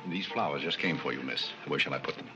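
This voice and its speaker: An actor playing a polite, composed butler who speaks calmly and courteously, in 1930s film style. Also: male voice, rumbling low, over music. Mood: deferential. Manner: calm, courteous, measured. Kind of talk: 1930s screwball film acting. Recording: muffled 1930s film soundtrack.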